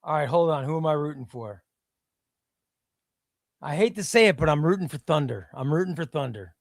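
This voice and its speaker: A man hosting a live stream, chatting casually and bursting into loud exclamations before dropping to quiet muttering. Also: fairly high pitch, moderate pace, gravelly, no room sound. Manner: excitable, shouts names then drops to muttering.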